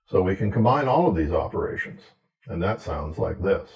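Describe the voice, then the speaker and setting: A man who researches hearing, giving a measured, explanatory scripted lecture. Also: low voice, lively intonation, darkish tone, breathy edge, muffled recording.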